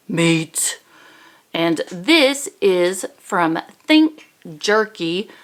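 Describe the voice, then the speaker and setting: A woman's voice: lowish voice, gravelly. A woman with a Southern US accent in a casual unboxing vlog, chatting and reading product labels aloud. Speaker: unboxing vlogger.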